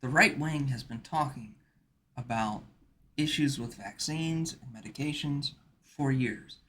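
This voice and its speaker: A man's voice: mid-range voice, unhurried, bright, forceful tone, slight background noise. A man streaming, chatting casually in a rambling way with many fillers and restarts. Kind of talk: casual chat.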